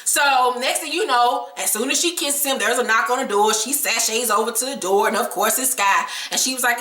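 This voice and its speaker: A woman gives a blunt, gossipy recap of a reality show, full of profanity. Her voice is bright and a little high. She sounds echoey and somewhat far from the mic. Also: fairly quick, hardly any pauses. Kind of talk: sassy episode recap commentary.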